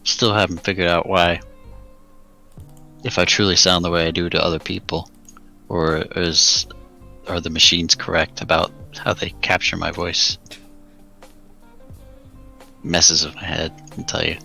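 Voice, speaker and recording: A deep-voiced young man in his late teens, streaming and chatting casually while drawing, animated and jumping to a high squeak when excited. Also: a little slow, gravelly, pauses often. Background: chill music.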